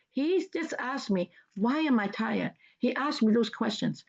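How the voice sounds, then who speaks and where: A woman's voice: creaky, lo-fi sound. Older woman giving a chatty seminar talk. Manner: chatty and repetitive, acts out example dialogues with lively pitch. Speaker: seminar speaker.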